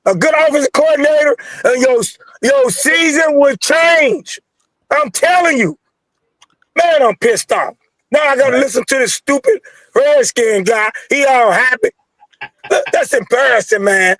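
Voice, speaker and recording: A man with a very high-pitched voice rants in a heated, slangy rush, sounding fed up and fired up. The sound is dry and close, with no room around it. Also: unhurried, a bit bright, no echo. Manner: fired-up, angry, repetitive, slangy. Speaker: caller ranting about football. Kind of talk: heated sports call-in rant.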